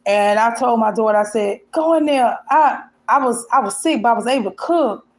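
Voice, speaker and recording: Woman vlogging a sad story, kinda high voice, rambly and emotional, lots of restarts. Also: brisk. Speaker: vlogger telling a personal story. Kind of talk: casual storytelling.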